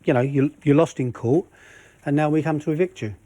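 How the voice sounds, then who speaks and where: A middle-aged enforcement officer talks on the job, courteous and apologetic yet never giving ground. His voice sits a little higher than usual for a man, and he repeats himself to make the point stick. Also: brisk, dark tone. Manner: polite but firm, apologetic, repetitive. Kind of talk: on-the-job talk, explaining to tenants.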